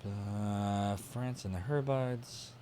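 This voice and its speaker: A man streaming a detective game, reading its newspaper text aloud and chatting casually as he thinks out loud and jots down notes. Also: fairly low pitch, extremely slow, background noise.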